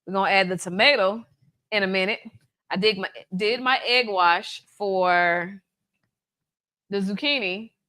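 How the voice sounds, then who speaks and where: A woman's voice: medium pitch, unhurried, pauses often, pushed and bright. A woman from Atlanta, hosting a live cooking demo in a chatty, playful way, teasing her viewers. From Atlanta, USA. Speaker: cooking show host, baker.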